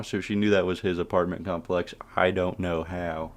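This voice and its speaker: A man casually telling a story time tale, profane and animated, with asides to his viewers. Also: low-pitched, fairly quick, few pauses.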